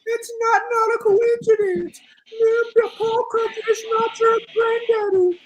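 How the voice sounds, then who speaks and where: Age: adult. Figure: a shrill, squealing male debater. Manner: tearful, cursing rant. Style: mocking impression. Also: level tone, measured pace, rough recording. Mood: tearful fury. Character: shrill whiny male rival debater, furious and ranting. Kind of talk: mocking impression on a live audio panel.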